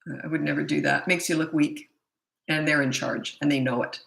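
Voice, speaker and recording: Brief: middle-aged woman coach, firm and blunt, bright tone, lowish voice. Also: steady tone, brisk, creaky, rough recording. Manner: blunt, firm and matter-of-fact. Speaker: parenting coach. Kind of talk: casual Q&A advice talk.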